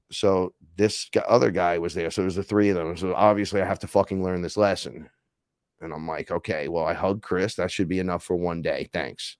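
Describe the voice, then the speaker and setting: A man's voice: deep voice, creaky, a little mellow, dry recording, studio quality. A man hosting a casual livestream, talking in a heated, rambling, profane way. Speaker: podcast host.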